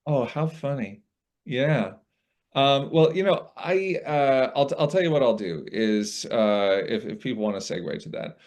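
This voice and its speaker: A man's voice: mid-range voice, expressive, measured pace, darkish tone. A man, a guest audiobook narrator in casual conversation, rambling and reflective, with frequent restarts.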